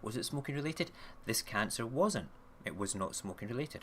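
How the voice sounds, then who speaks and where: A man's voice: medium pitch, lively intonation, normal speed, noisy background. A man hosting an online radio show, rambling casually through news stories and often checking in with "okay?". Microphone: camera mic, recording himself on video.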